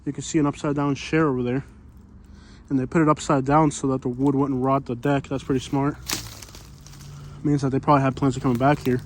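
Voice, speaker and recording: A man's voice: medium pitch, flat delivery, fairly quick, long pauses, a little hiss or hum. A man out of breath, walking through hot woods and talking in a rambling, folksy way full of "you know," as he vlogs. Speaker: vlogger exploring homeless camps. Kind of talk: casual walking vlog narration. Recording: faint outdoor ambience.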